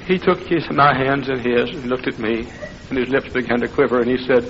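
A middle-aged man preaching an impassioned revival sermon that builds into shouting. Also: mid-range voice, steady tone, fairly quick, slight background noise. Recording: muffled old sermon recording.

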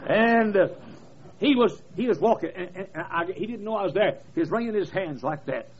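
Revival preacher, male, high raspy voice, impassioned storytelling, dull lo-fi church PA tape. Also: lively intonation, a little fast. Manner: storytelling preacher, rising to impassioned shouted cries. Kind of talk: fiery revival sermon. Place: church service. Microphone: PA microphone.

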